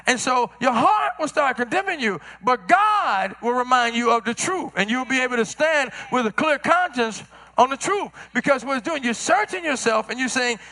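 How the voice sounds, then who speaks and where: A male pastor with a Southern US accent preaches a sermon. His voice sits very high and sounds bright and sharp. He swings between shouted points and quiet asides, and he voices the people he quotes. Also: animated, normal speed. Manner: acts out other people's words in quoted voices.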